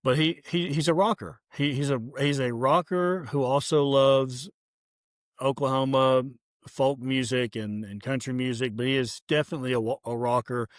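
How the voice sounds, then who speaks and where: A man hosting a podcast, chatting in a relaxed way and often repeating words as he goes. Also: mid-range voice, normal speed, no room sound, clean studio sound. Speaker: podcast host. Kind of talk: casual conversation.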